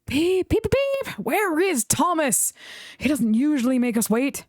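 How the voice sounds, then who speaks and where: A woman voicing a small, kindly male engine with a high, fussy, piping voice. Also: expressive, unhurried, a little mellow, no echo, studio quality. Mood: fussing.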